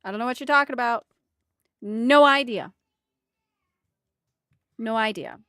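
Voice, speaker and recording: A female streamer draws emotes while chatting casually with her viewers, giggling often, calling out exclamations and talking to chat. Her voice is high-ish, sharp and rapid-fire with lively intonation, recorded with clean studio sound and no echo.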